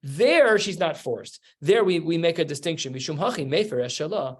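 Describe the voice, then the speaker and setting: A rabbi giving a Talmud class, explaining each step and acting out the quoted lines. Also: male voice, a little high, lively intonation, a little fast. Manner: explains step by step, mixing Aramaic terms into plain speech.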